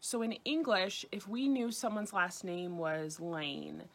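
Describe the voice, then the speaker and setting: An American woman in her thirties with a New York accent, teaching French pronunciation in a scripted, clear and deliberate way. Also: lowish voice, fairly even intonation, fairly bright tone. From United States. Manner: clear, deliberate, careful over-enunciation of example words. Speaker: French teacher on a video channel. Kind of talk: scripted language lesson.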